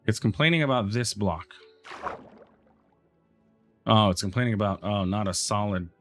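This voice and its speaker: A man's voice: lowish voice, moderate pace, soft background music. A man hosting a game let's play, thinking aloud in casual commentary and talking back to the game.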